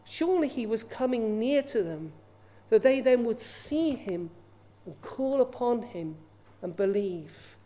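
Earnest woman preaching, mellow voice. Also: a little high, expressive, a little slow. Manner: earnest, frequent rhetorical questions. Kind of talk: sermon.

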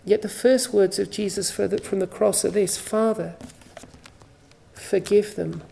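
A woman preaching a sermon at a church service, slow and emphatic, with repeated phrases for weight. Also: mid-range voice, fairly even intonation, gravelly, mellow, slight background noise.

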